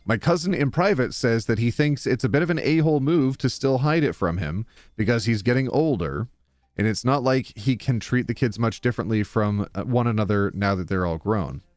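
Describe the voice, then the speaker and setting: Lively, chatty male streamer. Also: medium pitch, brisk, no echo. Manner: chatty, reacts to chat with sudden loud jumps. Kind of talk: live stream, reading posts aloud with commentary.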